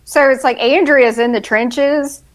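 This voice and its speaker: A woman's voice: sits high, fairly even intonation, a little slow, rough recording. A woman co-hosting a casual TV review podcast, with dry, sarcastic asides. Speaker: podcast co-host.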